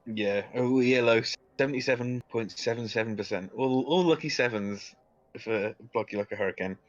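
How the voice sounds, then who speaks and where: A man co-hosting a podcast, laid-back with quick deadpan quips in casual chat. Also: mid-range voice, dry recording, muffled recording. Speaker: podcast co-host.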